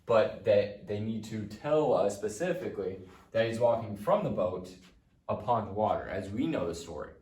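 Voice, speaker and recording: In a recorded Latin lesson, a man with a fairly low, darkish voice and lively intonation speaks at normal speed, patiently translating step by step with frequent "okay"s. He's far from the mic in an echoey room.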